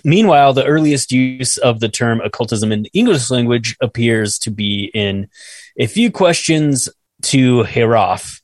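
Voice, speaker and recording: A man's voice: mid-range voice, lively intonation, measured pace, no room sound, clean studio sound. A man co-hosting a casual podcast, reading his notes aloud, stumbling over French words, swearing and laughing at himself. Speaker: podcast co-host reading research.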